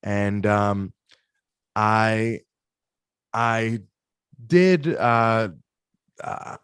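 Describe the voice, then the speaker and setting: A man telling animated stories in a casual interview, acting out other people's voices, with frequent restarts. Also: lowish voice, very slow, clean tone, dry recording, studio quality. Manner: animated storyteller, acts out quoted voices, many restarts. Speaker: interview guest, performer.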